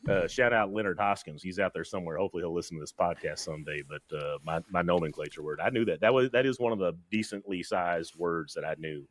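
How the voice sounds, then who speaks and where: A Southern US man with a very low voice co-hosts a laid-back podcast chat. He rambles through his stories, stumbles over repeated words and acts out what others said. The sound is close and dry. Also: fast talker, hardly any pauses, no room sound. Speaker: podcast co-host. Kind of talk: casual podcast banter.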